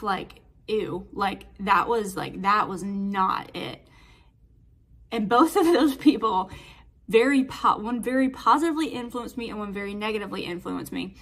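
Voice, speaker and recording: A woman fitness coach talking in a casual motivational monologue, chatty and storytelling with lots of filler words. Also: mid-range voice.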